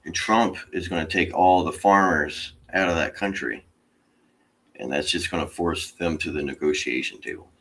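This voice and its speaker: A man's voice: low-pitched, normal speed, a bit bright. A man explaining politics in a casual, rambling way with many fillers.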